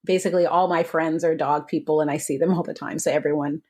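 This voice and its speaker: Quick-paced and mellow, this woman's deep voice keeps a steady tone while she co-hosts a podcast. She chats loosely, laughs often, and keeps restarting sentences that trail off.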